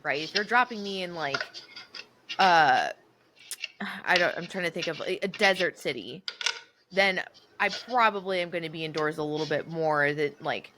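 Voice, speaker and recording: A woman's voice: on the low side, background noise. A young adult woman from the United States co-hosting a podcast, telling a long story in casual chat with many fillers. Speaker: podcast co-host.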